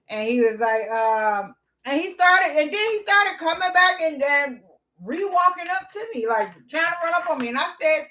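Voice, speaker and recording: A woman vlogger telling a story to her viewers in a blunt, profane, lively way. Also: high voice, recorded from a distance, rough recording.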